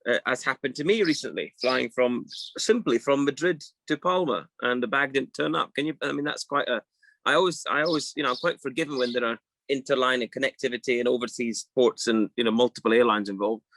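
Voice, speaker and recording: A middle-aged man talks casually as a co-host, picking his way through thoughts with stops and restarts. His voice is bright and forward. The sound is dry and close, with no room around it. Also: mid-range voice, fairly quick, no echo, low-quality recording. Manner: hesitant, many restarts and fillers, thinking aloud. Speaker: co-host of a weekly aviation chat show. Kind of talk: casual chat.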